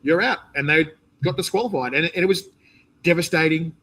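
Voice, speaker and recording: A man with an Australian accent hosting a casual interview, talking in a rambling, animated way with many restarts. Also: a little high, fast, poor audio. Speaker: interview host and competition organizer. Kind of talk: casual interview chat, live stream.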